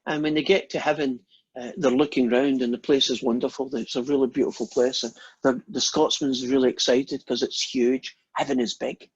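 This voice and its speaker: A man's voice: medium pitch, level tone, normal speed, slightly rough. A man giving a university maths lecture, chatty and quizzing the class with questions. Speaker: math lecturer. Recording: dull lo-fi recording.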